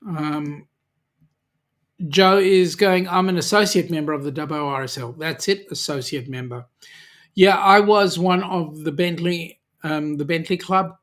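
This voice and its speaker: A man with an Australian accent hosts a relaxed live chat and reads out viewer comments. He talks slowly, breaks his sentences with "um", and welcomes each viewer warmly by name. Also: a little high. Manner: slow, friendly, with many "um"s, greeting viewers by name. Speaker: livestream host reading viewer chat.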